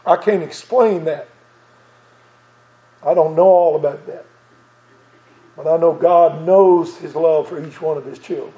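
A man's voice: on the high side, measured pace, pauses often, warm tone, roomy sound, poor audio. A man preaching a sermon, tender and then fervent, with an occasional chuckle.

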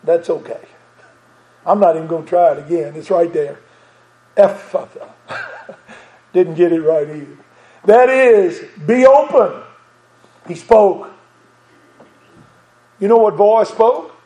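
A man's voice: fairly high pitch, measured pace, long pauses, mellow, echoey room, poor audio. A man preaching a sermon, tender and then fervent, with an occasional chuckle.

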